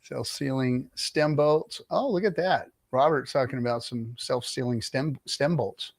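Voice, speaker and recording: A gravelly, medium-pitched male voice, unhurried and with no echo, belongs to a middle-aged livestream guest. He chats casually while spinning a long anecdote, acting out what other people said.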